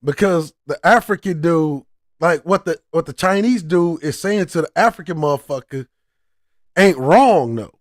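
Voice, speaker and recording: A man's voice: fairly high pitch, expressive, moderate pace, no room sound, clean studio sound. A man giving casual reaction commentary as a channel host, heated and profane, often restarting his sentences.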